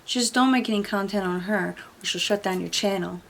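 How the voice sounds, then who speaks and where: A woman's voice: medium pitch, fairly quick, gravelly, fairly bright tone, slight background noise. A woman giving casual reaction commentary, blunt and sarcastic, swearing freely. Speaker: commentary YouTuber.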